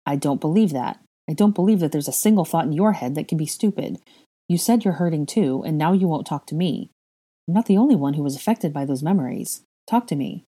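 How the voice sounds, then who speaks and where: A firm, earnest young man in a storybook reading, as a woman narrator puts him on. He presses his point gently but will not let it drop, in a soft, breathy and mellow voice. The tone stays low and warm. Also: expressive, a little fast. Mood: pressing.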